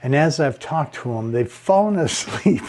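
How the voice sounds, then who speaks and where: A man teaching public speaking in an expressive way, swinging his pitch and volume to demonstrate and chuckling often, with a relaxing tone. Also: moderate pace. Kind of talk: instructional talk on speaking.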